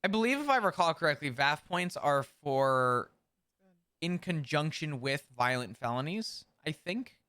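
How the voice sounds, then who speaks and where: A man streaming a roleplay game, chatting in character in an animated way, swearing and explaining at length. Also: fairly high pitch, measured pace, smooth, dry recording. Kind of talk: casual in-character roleplay chat.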